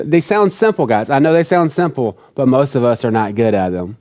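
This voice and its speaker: Earnest, mellow-voiced male pastor. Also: mid-range voice, animated, brisk, few pauses. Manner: earnest, conversational, repeats key phrases. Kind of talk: sermon.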